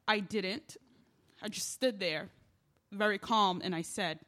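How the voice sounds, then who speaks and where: A woman's voice: medium pitch, slow pace, sharp tone. A woman delivering a stage play monologue in a confiding, rambling and emotional way. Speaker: lead character in a stage play.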